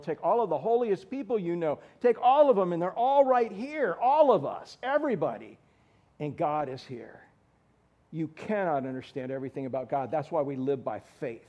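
A man preaching a sermon, animated and direct, calling on listeners by name and asking the room questions. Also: on the high side, muffled recording. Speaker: pastor.

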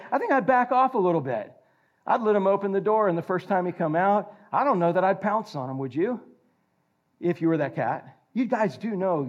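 An older man preaching a sermon, animated and jokey, quizzing the congregation. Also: sits high. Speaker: pastor. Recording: slightly dull lo-fi recording.

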